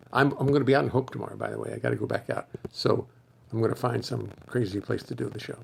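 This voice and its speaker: Gravelly, hoarse man rambling on a livestream. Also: on the low side, big pitch swings, quick pace. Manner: chatty, wandering, thinks aloud and greets viewers by name. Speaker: musician hosting a livestream for fans. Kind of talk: rambling casual livestream chat.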